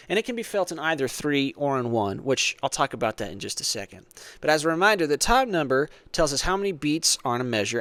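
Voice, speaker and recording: A man's voice: medium pitch, a bit bright, no room sound. A man teaching a church music lesson, explaining patiently, counting beats aloud, and often asking "right?". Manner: conversational, frequent "right?".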